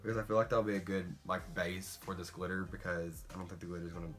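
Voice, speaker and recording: A teenage boy talking through a casual makeup storytime, chatty and animated, jumping into high squeals when quoting people. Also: quick pace. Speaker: beauty vlogger. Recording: faint music behind.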